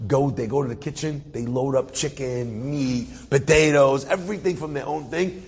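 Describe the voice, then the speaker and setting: A man's voice: medium pitch, normal speed, hardly any pauses. A man, a rabbi, telling a story aloud and acting out its characters with rising emotion. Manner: animated, acts out the characters' voices with rising emotion. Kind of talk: storytelling talk. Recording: husky voice in a reverberant hall.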